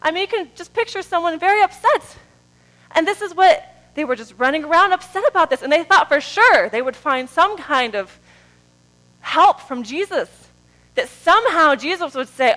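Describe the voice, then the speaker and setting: A woman preaching a sermon in a church, moving between soft, drawn-out phrases and loud, rising calls. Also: high-pitched, animated, soft background music, poor audio.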